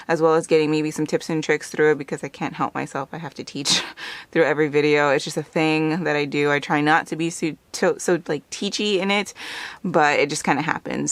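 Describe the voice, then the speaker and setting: A woman's voice: sits low, steady tone, moderate pace, no room sound. A woman talking casually through a makeup tutorial on her channel, chatty, with frequent laughs and lots of "like" and "kinda". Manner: chatty, laughs often, filler words like "like" and "kinda". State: a bit out of breath. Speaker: makeup vlogger.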